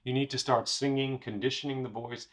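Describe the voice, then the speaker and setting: A man's voice: medium pitch, fairly even intonation, fairly quick, fairly bright tone. A man co-hosting a casual chat, giving instructive, direct advice and repeating his points. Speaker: co-host, pianist and music director.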